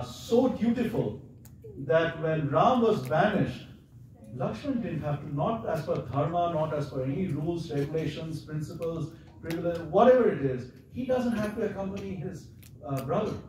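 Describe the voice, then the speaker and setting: A man's voice: a little high, lively intonation, unhurried, a little mellow. A man giving a devotional storytelling lecture in a casual, conversational way, often checking with his audience. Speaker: visiting lecturer. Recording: echoey hall, far from the mic, audible noise.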